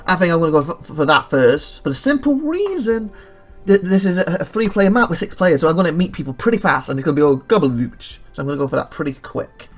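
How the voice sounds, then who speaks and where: Gravelly rambling gameplay commentator, a man. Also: on the high side, soft background music. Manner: rambling, talks fast, thinks aloud. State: throat dry, clearing it often. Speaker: let's play host.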